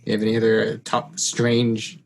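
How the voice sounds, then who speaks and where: A man hosting a podcast, asking questions and reacting with quick exclamations in casual conversation. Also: fairly low pitch, completely flat delivery, creaky, slight background noise. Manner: reactive, prompting with short exclamations. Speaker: podcast host. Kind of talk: casual interview.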